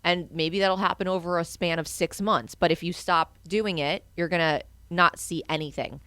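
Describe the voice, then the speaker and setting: A young adult woman co-hosting a marketing podcast, talking in a lively, earnest way with casual fillers. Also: fairly low pitch, moderate pace, dry recording. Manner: animated, earnest advice-giving with fillers. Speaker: co-host.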